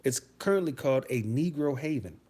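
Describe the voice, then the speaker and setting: A man's voice: medium pitch, lively intonation, brisk, mellow, husky. A man from Detroit hosting a live stream, reading out chat messages and answering them in a rambling, profane, mocking way. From Detroit, USA.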